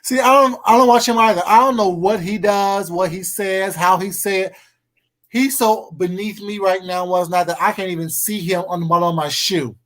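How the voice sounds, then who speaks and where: A co-host in casual gossip chat, often stumbling on repeated words and drawing some words out slowly. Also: medium pitch, steady tone, fairly bright tone. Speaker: livestream co-host.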